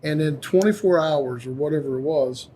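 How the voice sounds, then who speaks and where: A man's voice: on the high side, moderate pace, slight background noise. A man who heads a company, chatting casually on a podcast and telling a story with acted-out lines from the people in it. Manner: animated storyteller acting out voices. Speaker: company CEO and podcast host.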